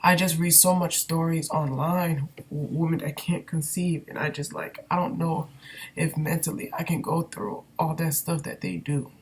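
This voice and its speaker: A woman's voice: sits low, steady tone, moderate pace, slightly rough. A woman candidly venting in a personal vlog, rambling and emotional with many fillers, recorded on a built-in computer microphone. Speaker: vlogger.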